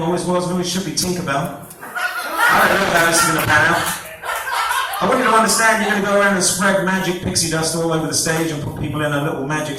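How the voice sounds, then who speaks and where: A man working as a stage hypnotist at a fair, giving repetitive, coaxing commands to volunteers in a playful live-show patter. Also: on the high side. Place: fair stage before an audience. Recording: echoey, distant, noisy crowd recording.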